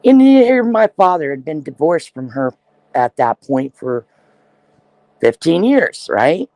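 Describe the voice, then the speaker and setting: A woman's voice: low-pitched, very animated, unhurried, dry recording, dull audio. A woman from Iowa telling a family story in casual chat, acting out the voices of the people she quotes. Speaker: podcast host.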